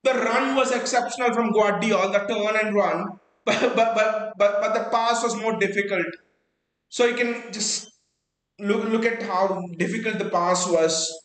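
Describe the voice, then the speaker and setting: A man reacts live to a football match as host of a fan watchalong, his voice pitched high and ringing around an echoey room. He is out of breath and excitable, repeating words and stumbling as the thoughts rush out. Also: unhurried.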